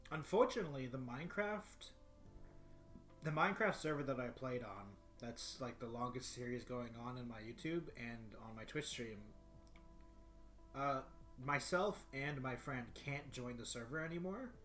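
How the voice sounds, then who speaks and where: A man with a deep voice chatting casually on a livestream, rambling and often clearing his throat. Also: expressive, moderate pace, a bit bright, faint music behind. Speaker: streamer. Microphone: desktop microphone.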